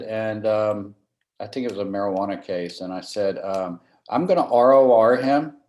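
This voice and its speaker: A man's voice: lowish voice, a little mellow. A middle-aged man, a trial lawyer and former county judge, relaxes into a long anecdote in an interview and often quotes himself. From Florida. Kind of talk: storytelling in a conversational interview. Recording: roomy echo.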